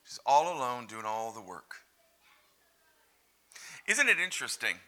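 A male pastor delivers a conversational sermon and speaks to the congregation with direct questions. His voice is very bright and forceful. He keeps an unhurried pace. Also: medium pitch, big pitch swings.

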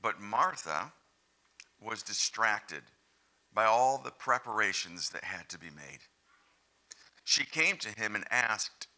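A male pastor giving an animated, conversational sermon and asking the congregation direct questions. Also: lowish voice, slow pace, pauses often.

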